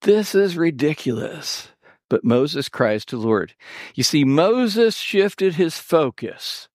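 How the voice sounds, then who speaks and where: Slow, dry-voiced male preacher. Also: a little high, no room sound. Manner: animated preaching with sarcastic asides. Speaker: pastor. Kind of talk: sermon.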